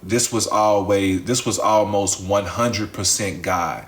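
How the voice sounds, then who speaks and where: Man with a lowish voice, casual storyteller, talks straight to the audience and repeats himself. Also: slow, a bit bright. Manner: repeats phrases, addresses the audience directly, swears freely. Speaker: storyteller addressing followers.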